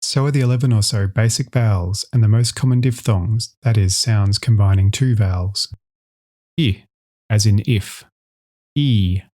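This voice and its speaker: A man giving a scripted educational voice-over, clearly enunciating each example sound as he explains an alphabet. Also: fairly low pitch, dark tone. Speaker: instructor.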